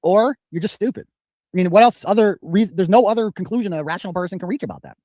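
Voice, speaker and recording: A man's voice: high-pitched, animated, fast talker, mellow, no room sound. A man hosting a commentary show, talking in an indignant way. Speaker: host. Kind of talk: commentary reading messages.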